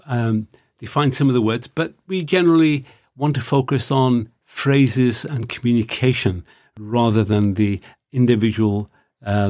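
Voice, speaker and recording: Radio host guy learning spanish, explains stuff clearly, dead dry studio. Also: medium pitch, a little mellow, dry recording. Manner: clear, explanatory, tries out phrases carefully. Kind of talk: radio language lesson.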